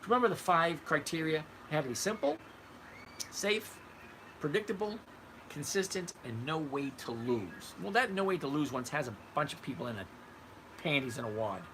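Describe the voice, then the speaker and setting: A man's voice: fairly high pitch, animated, normal speed, fairly bright tone, a little hiss or hum, low-quality recording. An older retired man hosting a casual livestream, answering viewers by name in a blunt, conversational way. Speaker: host reading live chat. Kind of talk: casual livestream chat about trading.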